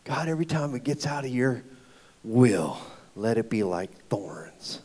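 A man voicing a very old, strange male prayer counselor with a low voice, who prays to God like a friend. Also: very animated, a little slow, darkish tone. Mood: calm.

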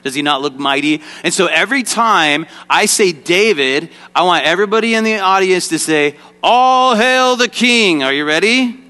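A man's voice: fairly high pitch, animated, moderate pace, hardly any pauses, pushed and bright. A man leading an interactive Bible lesson for children, directing volunteers on stage and prompting the audience to call out responses. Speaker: children's ministry teacher. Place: church stage before a kids' audience. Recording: echoey hall reverb.

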